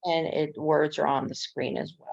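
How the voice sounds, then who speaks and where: A woman with a low, gravelly voice explains a coding tutorial step by step, dropping in casual "um"s as she goes. The recording is dull and lo-fi. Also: flat delivery, normal speed, darkish tone. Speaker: coding instructor.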